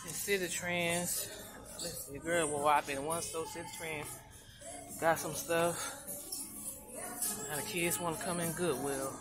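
A woman's voice: deep voice, steady tone, measured pace, music in the background, low-quality recording. A pregnant mother of five, tired and out of breath, chatting casually to her vlog viewers in loose slang.

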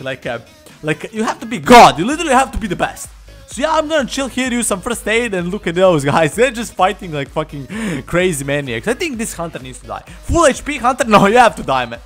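A man's voice: sits high, a bit bright. A man giving boastful, foul-mouthed gameplay commentary, trash-talking opponents and laughing often. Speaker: gamer. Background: faint background music.

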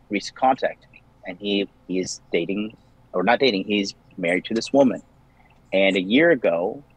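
A man's voice: fairly low pitch, husky, no echo, low-quality recording. A young man, a dating coach, talking casually and defensively with many restarts. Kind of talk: casual call-in conversation.

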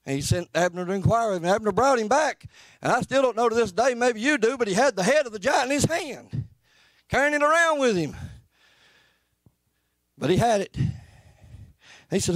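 A man's voice: expressive, moderate pace, long pauses, no room sound. A man preaching a sermon in a church, plainspoken and folksy, with an earnest delivery. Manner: plainspoken, folksy and earnest, rising and falling in pitch. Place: church sanctuary.

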